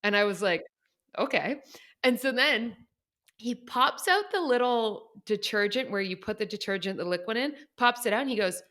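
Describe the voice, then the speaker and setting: A woman's voice: mid-range voice, brisk. A young adult woman co-hosting a podcast, telling a story in casual chat, quoting people and laughing often. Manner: animated storyteller, laughs often, quotes others. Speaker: podcast co-host.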